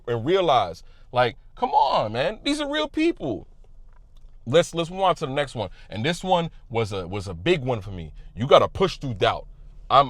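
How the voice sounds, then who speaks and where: Male creator, slightly high voice, dry close sound, loud, emphatic, repetitive motivational delivery. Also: no echo. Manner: passionate, emphatic, repeats phrases; loud at times. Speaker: YouTube creator. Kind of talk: motivational talk to camera.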